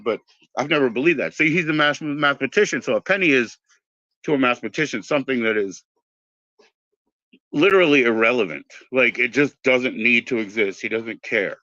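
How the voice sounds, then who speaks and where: Bright-voiced man rambling, swearing freely. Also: medium pitch. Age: 40s. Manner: meandering, profane, tangents. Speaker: podcast host. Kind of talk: rambling casual chat. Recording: dull lo-fi dry recording.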